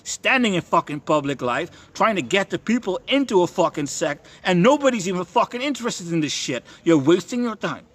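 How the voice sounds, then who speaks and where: A man's voice: high voice, fairly bright tone. A young man ranting in a monologue. He swears a lot, stammers and keeps repeating himself. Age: young adult. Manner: profane, stammering, repetitive.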